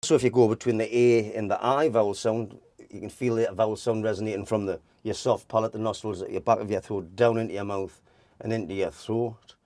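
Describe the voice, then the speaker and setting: A man's voice: on the low side, steady tone, brisk, dark tone, dry recording. Guy teaching singing, wanders off mid sentence a lot, dead dry recording. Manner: rambling, restarts often, demonstrates vowels. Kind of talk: informal vocal lesson.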